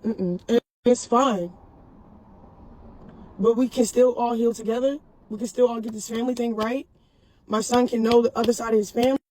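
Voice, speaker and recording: A mother addresses her audience in a casual, heartfelt video, speaking at a moderate pace with a steady tone and frequent pauses. Her voice is on the high side and a little mellow, on a rough recording with a little hiss or hum. She rambles earnestly, circling back with "for real" and "you know what I'm saying."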